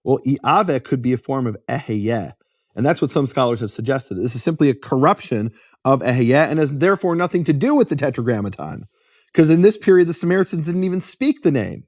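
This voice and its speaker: Explaining biblical history as host, this man lectures and poses rhetorical questions he then answers himself. He speaks a little fast at medium pitch with lively intonation and a slightly mellow tone, in a clean, echo-free studio recording.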